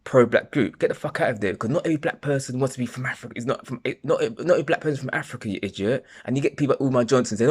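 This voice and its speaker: A man's voice: lowish voice, steady tone, quick pace. A man from London with a London accent, ranting to camera in a heated, stumbling way, full of restarts and swearing. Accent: London English. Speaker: vlogger. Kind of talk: angry monologue to camera.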